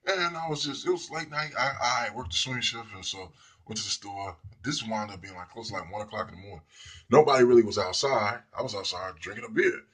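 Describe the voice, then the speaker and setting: A man's voice: fairly low pitch, fairly quick, a bit bright, slightly rough. A man telling a personal story in a loose, rambling way, now and then acting out the people in it. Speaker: speaker telling personal stories. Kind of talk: casual storytelling monologue.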